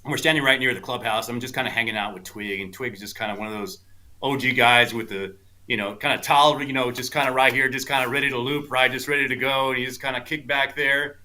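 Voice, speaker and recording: A man from South Texas chats as a guest on a golf podcast. His voice is very bright and sits at a middling pitch. He rambles through anecdotes, using plenty of fillers and animated quotes. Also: fast talker. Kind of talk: casual storytelling chat.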